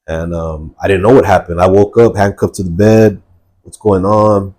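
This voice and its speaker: A man's voice: low voice, fairly quick, warm tone. A man sharing his personal testimony in a podcast interview, talking earnestly and rambling with many fillers.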